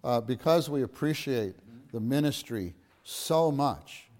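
A man's voice: medium pitch, lively intonation, a little slow, a little mellow. A middle-aged man teaching a church lesson to a gathering, earnest and repeating phrases for emphasis.

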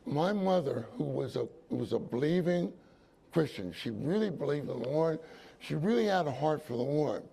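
A man delivers a sermon testimony in a gravelly, husky voice that sits a little high for a man. His tone is dark and mellow, and he tells his story in a loose, repeating way, breaking off now and then to reassure his listeners. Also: expressive, moderate pace. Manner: storytelling, repeats phrases, asides to the congregation. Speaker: preacher.

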